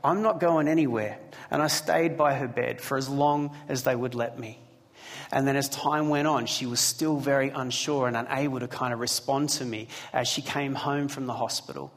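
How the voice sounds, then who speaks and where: A man's voice: medium pitch, steady tone, normal speed. A man preaching a sermon to a live congregation, telling a personal story with asides to the listeners. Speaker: pastor. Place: church hall with a live congregation. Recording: long hall reverb.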